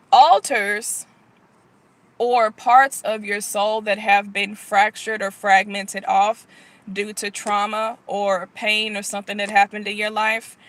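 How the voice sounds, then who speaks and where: Casual, sighing Christian woman vlogger. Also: mid-range voice. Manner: relaxed and conversational, with frequent sighs and fillers. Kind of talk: casual spontaneous vlog teaching.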